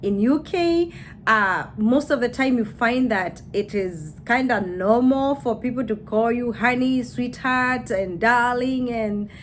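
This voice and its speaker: A woman's voice: on the high side, slow pace, slight background noise. Chatty woman vlogger. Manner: chatty, laughing, acts out quotes. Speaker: YouTuber. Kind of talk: casual chat to camera.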